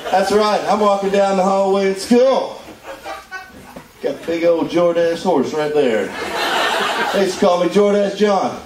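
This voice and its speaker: A man's voice: sits high, a little slow, pauses often, distant mic, over a noisy crowd. A man in his thirties doing a stand-up comedy set, telling stories and acting out the voices of people in them. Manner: animated storytelling, acting out voices. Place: comedy club stage. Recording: echoey club, recorded from afar, noisy. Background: audience laughter.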